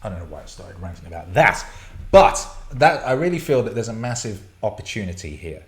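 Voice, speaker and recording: A man's voice: fairly low pitch, big pitch swings, brisk. A man hosting a casual live stream, reading chat questions and rambling, swearing and laughing often. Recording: roomy echo.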